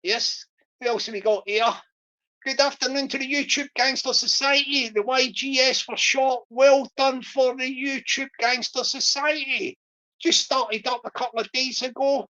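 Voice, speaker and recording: A woman hosting a livestream, rambling and repeating herself as she mock-scolds and gives shout-outs. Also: high-pitched, fairly even intonation, measured pace, muffled recording. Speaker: livestream host.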